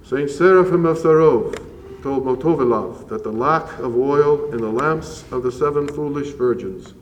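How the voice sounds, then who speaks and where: Male priest, sermon, earnest measured delivery, distant mic, long church reverb. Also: medium pitch, a little hiss or hum. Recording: roomy church echo from far off.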